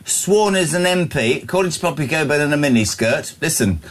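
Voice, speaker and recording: A man hosting morning radio with a lively, bouncy voice that sits a little high. He banters in a jokey, mocking way and laughs often. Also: brisk. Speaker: radio show host. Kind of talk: casual breakfast radio banter.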